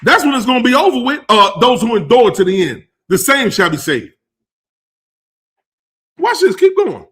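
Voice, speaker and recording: A man preaching a teaching sermon, conversational and emphatic, rising to loud stresses. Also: very high-pitched, sing-song, normal speed, pauses often.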